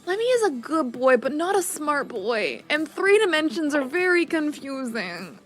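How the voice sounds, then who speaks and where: Woman gm narrating a tabletop game, kinda high voice, lots of ums and likes. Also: sing-song, fairly bright tone, soft background music. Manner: halting, playful, many fillers. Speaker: game master.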